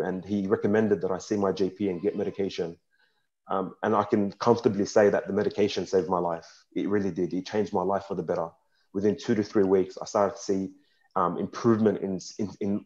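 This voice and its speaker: A young man talks frankly and earnestly at a panel, his voice sitting fairly low. His speech halts now and then as emotion comes through. The recording sounds dull and lo-fi. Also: a little mellow. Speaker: panel speaker. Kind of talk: personal testimony at a panel talk.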